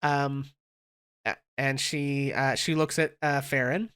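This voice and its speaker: A game master narrating a tabletop game, halting with many ums and uhs. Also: medium pitch, fairly even intonation, fairly bright tone, clear, resonant tone.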